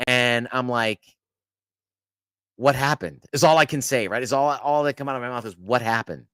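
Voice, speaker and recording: A man's voice: mid-range voice, quick pace, smooth, dry recording, clean studio sound. A man hosting a podcast, telling a long story in casual chat, restarting sentences and cursing as he goes. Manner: animated, restarts, swears, laughs mid-story. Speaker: podcast host.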